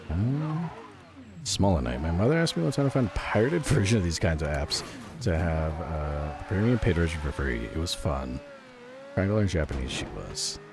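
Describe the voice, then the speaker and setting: A male streamer in easygoing gaming commentary with a low voice that swings up and down a lot. He talks in a chatty way, laughs often and swears freely. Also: very animated, normal speed, background noise.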